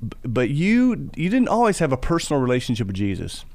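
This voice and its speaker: A man's voice: mid-range voice, huge pitch swings, a little fast, no echo. A man co-hosting a radio show, eagerly prompting the guest. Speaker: co-host.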